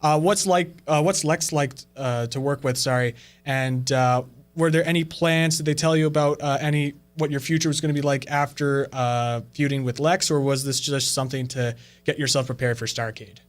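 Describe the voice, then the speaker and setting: A man's voice: mid-range voice, steady tone, moderate pace. A man hosting a wrestling podcast, asking interview questions with many hesitant fillers. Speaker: podcast host.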